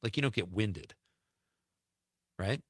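A man's voice: lowish voice, expressive, slow pace, husky, no room sound, clean studio sound. A man hosting a radio show, chatting casually and reading listener texts aloud with easy laughs. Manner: chatty, laughs easily, drifts between lines. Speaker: radio host.

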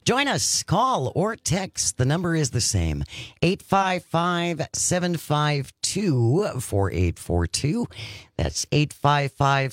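Guy hosting morning radio, bouncy pitch all over, dry studio mic. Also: dry recording. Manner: upbeat, announcer-like, reads out numbers slowly. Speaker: radio show host. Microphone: studio microphone.

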